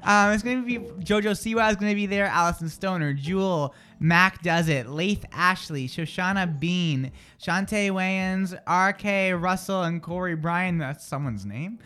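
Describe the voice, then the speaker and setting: A radio co-host rambles through casual on-air chat, breaking into giggles and jokes. The voice sits at a middling pitch, recorded in a studio. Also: moderate pace, sharp tone.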